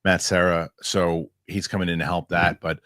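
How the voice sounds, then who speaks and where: Man, host, casual chat, rambling, jokey, deep-ish voice, dry sound. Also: flat delivery, moderate pace, fairly bright tone, no room sound. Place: New York studio.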